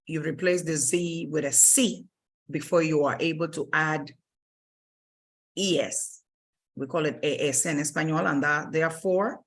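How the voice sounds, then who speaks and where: A woman's voice: low voice, a bit bright. A woman teaching Spanish grammar in a recorded lesson, explaining patiently step by step and often stopping to rephrase.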